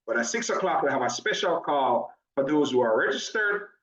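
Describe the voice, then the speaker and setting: A man with a strong Jamaican accent pitches an opportunity on an online call, quick and upbeat, his voice sitting a little high. The audio is roomy and muffled, as if he is some way from the mic. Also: distant mic. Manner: talks fast when excited, upbeat and persuasive. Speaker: business opportunity presenter. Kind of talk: online sales presentation.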